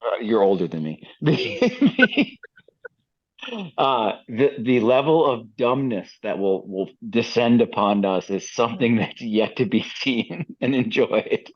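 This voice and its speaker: A man's voice: medium pitch, lively intonation, slow pace, muffled recording. A man co-hosting a podcast, teasing the others with dry humor. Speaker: podcast co-host. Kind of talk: casual podcast chat.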